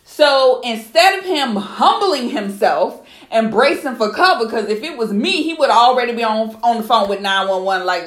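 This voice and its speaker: A young adult woman hosting a solo podcast, telling a story in an animated, outraged, profane way. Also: fairly high pitch, moderate pace, roomy sound. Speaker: podcast host.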